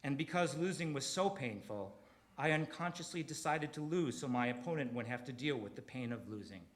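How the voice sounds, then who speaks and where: A middle-aged man performing a confessional storytelling comedy set on a theater stage, swinging from quiet to loud and emphatic. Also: mid-range voice, expressive, brisk.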